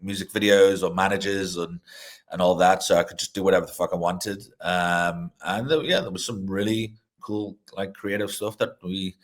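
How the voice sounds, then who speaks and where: The deep, steady voice of a middle-aged director and actor moves at a moderate pace in casual interview chat. He is a guest who swears openly, restarts his sentences, and laughs while telling stories.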